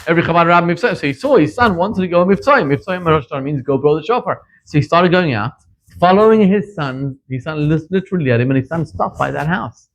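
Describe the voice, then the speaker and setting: A middle-aged man from Zimbabwe, a rabbi giving a sermon and telling stories, his voice climbing sharply whenever he stresses a point. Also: quick pace. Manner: animated storyteller, pitch leaping up for emphasis. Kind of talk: sermon with storytelling. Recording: dull lo-fi recording.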